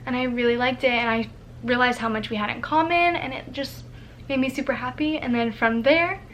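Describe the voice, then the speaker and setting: A woman's voice: a little high, fairly quick, a little hiss or hum. A young woman casually telling a personal story, chatty and full of "like", acting out the lines she quotes. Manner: chatty, heavy use of "like", animated quoting.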